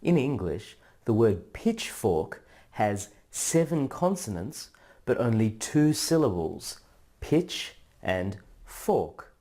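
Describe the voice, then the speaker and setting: A man narrating a scripted language lesson in a measured, instructional way, drawing out syllables for practice. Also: mid-range voice, big pitch swings, mellow. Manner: slow, measured, drawn-out syllable drills. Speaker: language teacher.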